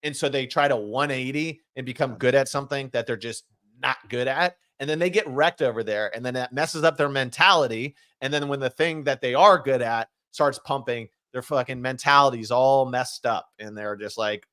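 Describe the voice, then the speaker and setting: A man's voice: medium pitch, moderate pace, a bit bright, no echo. A man co-hosting a casual podcast chat, talking loosely with lots of fillers and restarts. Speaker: podcast co-host.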